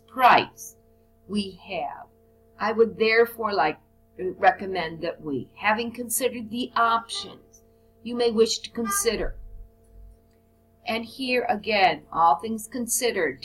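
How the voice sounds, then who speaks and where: An English teacher with a medium-pitched voice gives a recorded lesson on writing business reports, reading model sentences and lists of phrases aloud before pausing to explain how they work. Faint music plays quietly behind her, and the recording quality is low.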